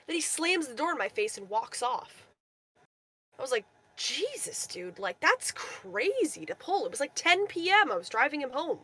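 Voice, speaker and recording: Young woman caller, bright tense voice, animated storyteller. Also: high voice, moderate pace. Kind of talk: casual chat. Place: remote call into a livestream. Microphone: call audio.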